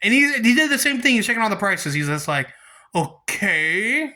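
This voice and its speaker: A young man casually telling a story to his viewers, rambling and animated, with many restarts. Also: very high voice, quick pace. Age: young adult. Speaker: storytime vlogger.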